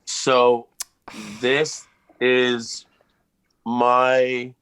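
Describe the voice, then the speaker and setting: A man actor on a video call, chatting casually and rambling with halting restarts. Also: medium pitch, monotone, a bit bright, smooth. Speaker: actor guest. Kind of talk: casual interview chat.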